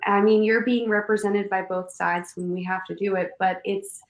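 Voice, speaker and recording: A woman's voice: medium pitch, steady tone, moderate pace. Woman realtor explaining in an echoey room. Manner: explanatory, uses rhetorical questions. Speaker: real estate agent. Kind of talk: casual conversation on a show.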